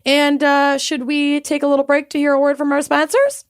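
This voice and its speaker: Brief: young woman, podcast co-host, loose rambling chat, high and giggly. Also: monotone, moderate pace. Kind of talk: casual chat.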